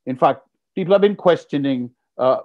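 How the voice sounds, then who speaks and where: A Jamaican man doing stand-up comedy with a playful, punning delivery. His voice sits fairly high for a man. It comes through a muffled video call. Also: normal speed. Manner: playful, punning, animated storytelling.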